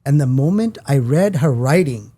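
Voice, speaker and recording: A man's voice: mid-range voice, lively intonation, normal speed, mellow, a little hiss or hum. A middle-aged man, a film producer and director, telling a long story in casual chat and acting out the dialogue of the people in it.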